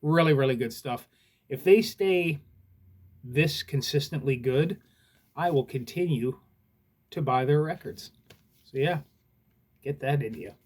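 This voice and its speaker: A man's voice: fairly high pitch, unhurried, long pauses. A man casually reviewing records in a laid-back, rambling way, with lots of fillers and the odd swear word.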